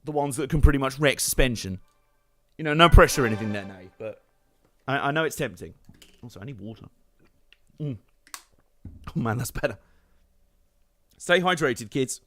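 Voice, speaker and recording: A man giving joking, excitable live commentary while playing a racing game and chatting to his viewers. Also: mid-range voice, moderate pace, long pauses. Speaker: streamer. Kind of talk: live let's-play commentary. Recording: game car noise underneath.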